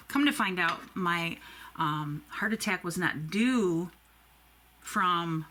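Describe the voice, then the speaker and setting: A woman's voice: fairly low pitch, pushed and bright, a little hiss or hum. A woman in her forties telling a long rambling story while doing her makeup, chatty and swearing freely. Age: 40s. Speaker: beauty vlogger.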